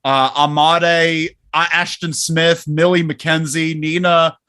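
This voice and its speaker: A young man co-hosts a casual podcast. His voice sits a bit high and sounds bright. He laughs easily while reading out listener messages. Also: level tone, slow pace, clean tone, dry recording. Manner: reads listener comments aloud, laughs often. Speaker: podcast co-host. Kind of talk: casual chat.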